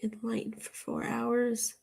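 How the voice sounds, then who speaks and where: A woman's voice: a little high, monotone, slow pace, gravelly, darkish tone, a little hiss or hum. A woman giving a casual tarot reading to camera, rambling off into tangents and laughing often between remarks. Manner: chatty, drifts into tangents. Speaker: tarot reader.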